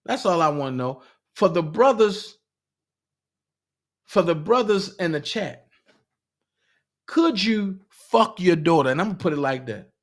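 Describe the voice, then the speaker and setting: A man's voice: on the high side, animated, normal speed, long pauses, fairly bright tone. Indignant man talking to his chat. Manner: indignant, asks the chat pointed questions. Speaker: livestream host. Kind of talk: heated livestream commentary.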